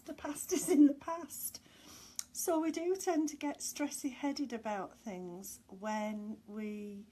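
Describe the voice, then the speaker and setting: A woman's voice: medium pitch, darkish tone, a little hiss or hum. A middle-aged woman, a medium giving weekly guidance, chatting casually and laughing often on a live stream with filler words.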